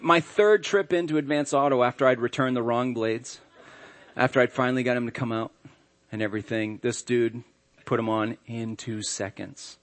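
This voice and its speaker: A middle-aged pastor preaches in a church sanctuary, his voice at an ordinary middle pitch for a man. He talks conversationally and tells stories with easy humor. His delivery stays plain and unforced. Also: normal speed. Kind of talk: sermon.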